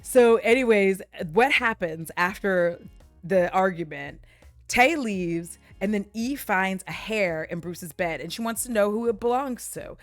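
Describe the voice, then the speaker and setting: A woman's voice: medium pitch, lively intonation, a little slow, no echo, soft background music. A young woman streamer recapping a show in a giggly, chatty way, laughing often. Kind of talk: casual recap chat.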